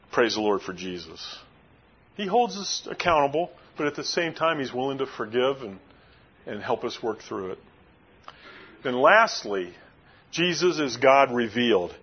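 A man preaching a sermon as pastor, emphatic, swinging between raised and hushed delivery. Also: mid-range voice, husky, dull audio.

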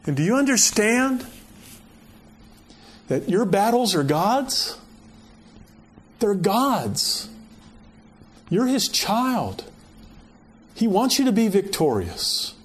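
A man's voice: high-pitched, big pitch swings, takes it slowly, pauses often, breathy edge. A man preaching in a conversational way, reading scripture aloud and asking the listeners rhetorical questions, often saying "you know". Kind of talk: conversational sermon.

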